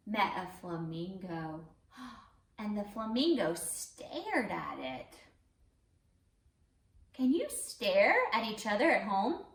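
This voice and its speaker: A woman's voice: on the high side, very animated, takes it slowly, a bit bright. A young woman leading an interactive story time for babies and their grown-ups, coaxing them to join in with a sing-song delivery. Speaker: teaching artist leading baby story time. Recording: roomy, from off-mic.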